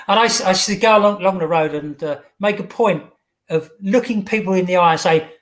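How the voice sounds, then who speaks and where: An English man hosting a casual chat, telling stories in a halting, chatty way with many false starts. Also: high voice. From England.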